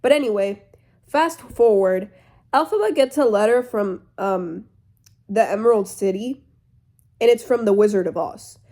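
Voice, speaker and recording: A woman's voice: medium pitch, a little slow, dark tone. A teenage girl retelling a story in a rambling, chatty way full of fillers. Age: teens. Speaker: vlogger.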